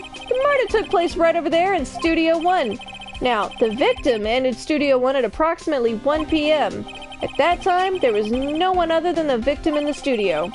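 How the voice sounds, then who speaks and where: Streamer voicing a gruff game detective, brash New York bark, lively swoops, faint music. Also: female voice, sits high. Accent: put-on New York. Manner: brash, says "pal" often. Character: gruff blundering male police detective.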